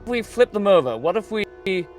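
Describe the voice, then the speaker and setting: A man playing a tabletop role-playing game, excitable and rambling. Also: high voice, fast, soft background music. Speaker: player. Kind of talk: tabletop role-play chat.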